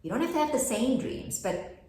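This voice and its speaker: A woman delivers a casual astrology forecast, chatty, full of rhetorical questions and laughing at herself. Her voice is high-ish, mellow and sing-song at normal speed, in a very echoey room.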